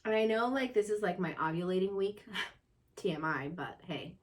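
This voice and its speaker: Chatty young mom rambling to camera. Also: female voice, mid-range voice, expressive, normal speed. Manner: chatty, rambling, many fillers. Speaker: vlogger. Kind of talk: casual chat to camera. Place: upstairs room at home.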